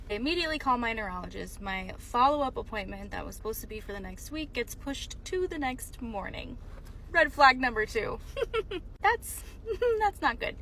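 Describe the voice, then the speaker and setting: A woman's voice: fairly high pitch, fairly bright tone, slight background noise, low-quality recording. A young woman, a former nurse, telling her own story in an earnest, candid way. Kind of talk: personal storytelling.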